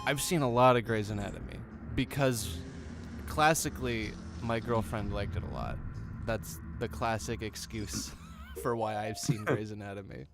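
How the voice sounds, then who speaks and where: A man's voice: lowish voice, normal speed, music in the background. Joking young man streaming a game. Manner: easygoing, joking, teasing. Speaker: streamer and voice actor. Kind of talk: casual chat while playing a game. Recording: steady background noise.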